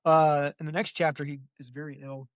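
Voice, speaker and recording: On a book podcast, a chatty co-host swaps jokes and compares a story to its film adaptation in casual chat. Their middle-pitched voice is level in tone, a little fast, and sounds close and dry with no room sound. Anecdotes come with silly voices.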